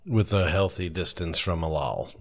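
Male player, very low voice, brief matter-of-fact answers. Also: animated, normal speed. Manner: short, plain replies.

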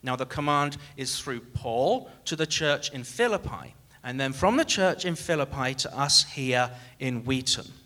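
A man preaching a sermon as pastor in an animated, jokey way, with sudden swings in loudness. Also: mid-range voice, unhurried, few pauses.

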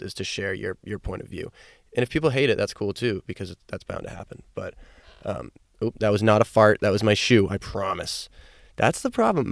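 Parked in his car, this young podcast host talks off the cuff into his microphone, swearing without restraint. He has a lowish voice with vocal fry. The sound is clean and studio-like, with no room echo.

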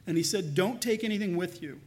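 A man with a high, light voice preaching a sermon. He is earnest, pressing some points loudly and dropping to a near hush on others. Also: brisk. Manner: earnest, swings between loud emphasis and soft hushed lines. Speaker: pastor.

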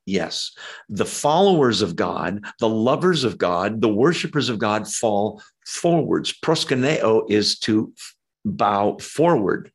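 A man preaching a sermon, animated and emphatic, with conversational asides. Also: lowish voice, takes it slowly, vocal fry, breathy edge. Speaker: pastor.

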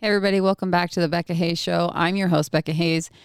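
A woman's voice: fairly low pitch, steady tone, quick pace, over loud music. A woman hosting a podcast, chatting casually in a rambling way and laughing often. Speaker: podcast host.

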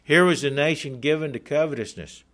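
A man preaching a sermon, reading scripture aloud and explaining it in an earnest, emphatic way, slowing down to stress key points. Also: on the high side, fairly bright tone.

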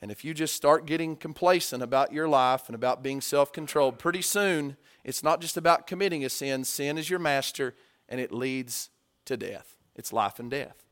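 A male preacher delivering a sermon, swinging from hushed asides to loud, acted-out story lines. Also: mid-range voice, moderate pace.

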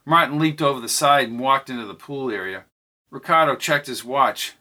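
A man's voice: brisk, pushed and bright. A man reading a novel aloud as narrator, raising his voice for the characters' lines. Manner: reads dialogue with lifted pitch for characters. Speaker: audiobook narrator.

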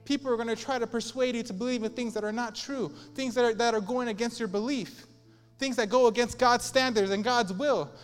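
A man's voice: very high voice, fairly even intonation, brisk, clear, resonant tone, in a large hall, soft background music. A man pastor preaching a sermon in an emphatic, repetitive style.

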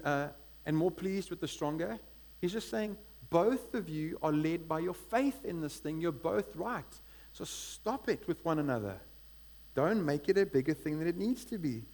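Energetic preacher, higher voice. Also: male voice. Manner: energetic, conversational, often asks "right?". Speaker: pastor. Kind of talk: sermon.

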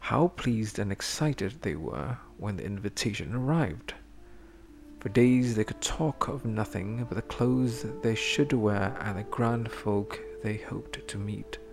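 A man reading a fairy tale aloud in a measured, expressive storybook manner. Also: lowish voice. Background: music.

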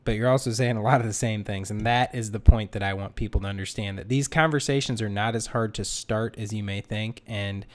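A man hosting a casual interview from his home dining room, speaking in a relaxed way with frequent hesitant fillers. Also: on the low side, fairly quick, hardly any pauses. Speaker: podcast host.

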